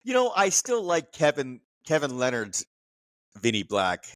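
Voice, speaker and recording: Lively, animated man hosting a chat. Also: fairly high pitch, unhurried, no room sound. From New Jersey. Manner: animated, reminiscing, laughs often. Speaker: podcast host. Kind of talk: casual chat.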